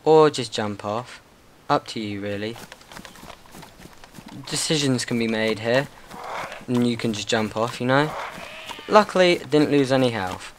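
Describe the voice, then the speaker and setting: A man's voice: mid-range voice, a bit bright, a little hiss or hum. Jittery young man rambling over gameplay. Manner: nervous, rambling, talks to the game's zombies. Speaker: gaming channel host. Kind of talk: casual gameplay commentary.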